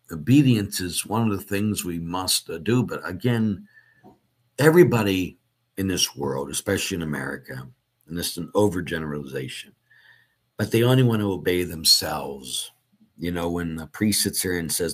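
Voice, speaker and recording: Low, husky-voiced priest chatting on a live stream. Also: male voice. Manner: reads comments aloud and answers them, with fillers. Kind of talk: casual live-stream chat reading viewer comments.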